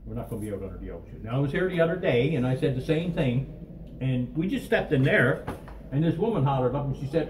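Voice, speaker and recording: An older former coal miner leads a tour through an underground mine tunnel, spinning joking stories in an animated, medium-pitched voice at a quick pace and often checking in with "okay?" and "right?". The recording is noisy and echoey, picked up from a distant mic.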